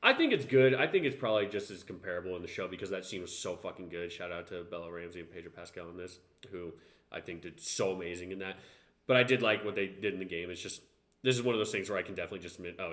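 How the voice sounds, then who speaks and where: A man's voice: low voice, quick pace, fairly bright tone, roomy sound. A young man co-hosting a podcast, chatting casually about a TV show, rambling and swearing often. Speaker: podcast co-host. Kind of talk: casual chat reviewing a TV show.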